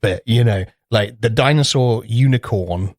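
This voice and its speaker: A man's voice: mid-range voice, measured pace, a little mellow, no echo, clean studio sound. A man co-hosting a podcast in casual chat, rambling through anecdotes, swearing freely and acting out little voices. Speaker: podcast co-host.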